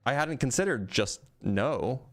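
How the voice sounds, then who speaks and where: A man hosting an online debate, calmly asking short probing questions and repeating them. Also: medium pitch, unhurried. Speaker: debate streamer host.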